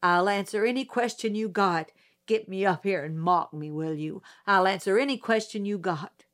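A woman's voice: mid-range voice, normal speed, natural voice. A woman reading an audiobook, voicing a young poor Southern woman on the witness stand who is defensive, flustered and angry. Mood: raging. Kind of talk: audiobook character voice.

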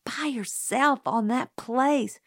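A woman's voice: slow, dry recording, studio quality, full character voice. A woman doing a pleading little girl. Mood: desperate. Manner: pleading, high and pressing. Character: young girl, pleading, anxious little sister. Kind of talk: audiobook character voice.

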